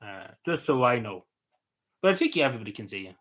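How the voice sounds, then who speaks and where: A man with a Cavan Irish accent talks casually on a live stream, reacting to viewers' comments. He speaks haltingly, restarting phrases and letting them fade off softly. His voice sits at an ordinary middle pitch for a man. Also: sing-song. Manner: halting and hesitant, trailing off quietly at ends of phrases. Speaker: livestreamer.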